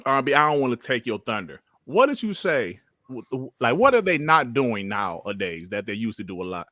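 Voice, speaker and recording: A man's voice: mid-range voice, big pitch swings, a little fast, pushed and bright, no room sound, studio quality. A man hosting a casual gaming podcast, talking in slang, filling with "you know" and laughing often. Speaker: podcast host.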